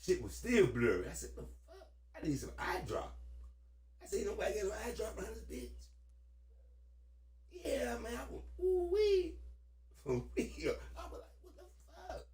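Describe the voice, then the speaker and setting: Male streamer, high and lively voice, profane storyteller, distant roomy mic. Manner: profane, animated, laughing, drawn-out exclamations. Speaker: live streamer. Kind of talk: loud casual storytelling while gaming.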